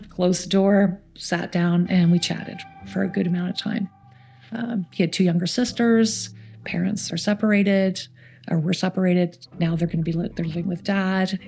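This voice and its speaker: Gravelly Canadian woman telling stories. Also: lowish voice, fairly even intonation, moderate pace, soft background music. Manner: warm anecdotal storytelling, acts out quoted voices. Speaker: youth community centre coordinator. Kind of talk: storytelling interview.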